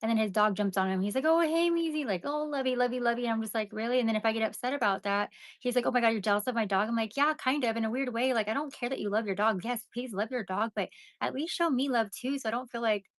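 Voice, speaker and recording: A woman's voice: on the high side, quick pace, dry recording. Chatty woman venting to viewers. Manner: chatty, venting, full of "like" and "you know". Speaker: live-stream seller. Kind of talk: casual rambling chat to viewers.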